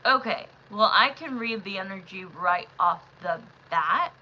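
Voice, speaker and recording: This woman runs a live tarot stream from home and talks in an unhurried, gushing way, calling her viewers love, honey and sweetheart. Her voice is bright and forward, and it now and then leaps into loud, excited bursts. Faint noise sits under her voice. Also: medium pitch, low-quality recording. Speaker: livestream tarot reader.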